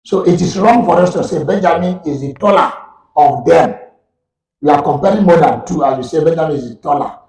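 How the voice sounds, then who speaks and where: A man's voice: fairly high pitch, gravelly, darkish tone, distant mic. Male lecturer with a Nigerian accent, methodical and repetitive, a little away from the mic. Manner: slow, repetitive explaining. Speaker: university lecturer. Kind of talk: live online lecture on English grammar. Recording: echoey room, voice off-mic.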